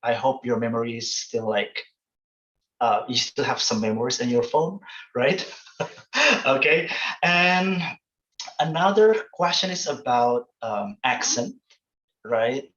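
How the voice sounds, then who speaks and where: Indonesian man, relaxed feedback talk. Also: medium pitch, takes it slowly, pauses often, echoey room, highs cut off. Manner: relaxed, many fillers and "like". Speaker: presenter giving feedback. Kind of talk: casual online workshop talk.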